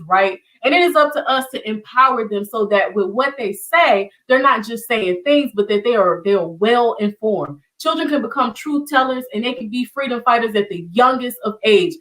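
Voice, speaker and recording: A middle-aged woman with a Southern US accent leads an online lesson, talking to her viewers like friends. She calls them y'all and keeps her tone warm and encouraging. Her voice sits slightly back from the microphone. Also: medium pitch, normal speed, recorded from a distance, poor audio. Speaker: online community show host. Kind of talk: casual livestream teaching.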